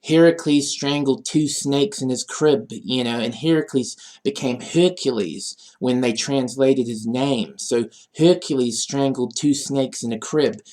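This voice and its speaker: A man's voice: mid-range voice, unhurried, hardly any pauses, darkish tone. A man vlogging a rambling, absurd comic rant, with many fillers. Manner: rambling, absurd, full of "you know". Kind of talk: casual comedic rant.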